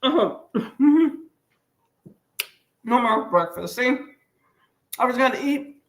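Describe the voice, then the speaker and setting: A woman's voice: high-pitched, animated, takes it slowly. A woman hosting a casual livestream from home, chatting with viewers, reading their comments aloud and answering them in a folksy way. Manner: folksy, addresses viewers as y'all. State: briefly coughing and stuffy. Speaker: livestream reading-sprint host. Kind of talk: casual live chat with viewers. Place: at home near the kitchen.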